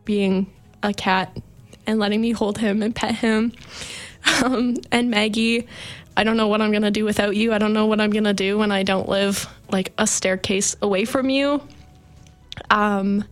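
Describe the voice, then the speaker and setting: A woman's voice: medium pitch, fairly even intonation, normal speed, soft background music. A young woman hosting her college radio show, chatting in a rambling, heartfelt, filler-heavy way into a studio microphone. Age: young adult. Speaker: campus radio host. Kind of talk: sentimental farewell radio chat.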